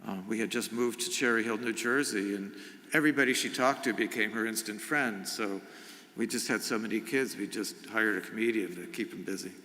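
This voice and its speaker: A man's voice: fairly low pitch, brisk, pushed and bright. A middle-aged man, a rabbi giving an informal sermon in a synagogue, speaking conversationally with humor and asides. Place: synagogue sanctuary. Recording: long reverb of a sanctuary.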